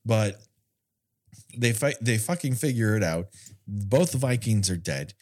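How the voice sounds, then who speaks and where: A man hosts a casual podcast and recaps a TV episode with biting sarcasm and frequent profanity. His pitch leaps up and down as he riffs. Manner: animated, profane, sarcastic retelling with quick asides. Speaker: podcast host.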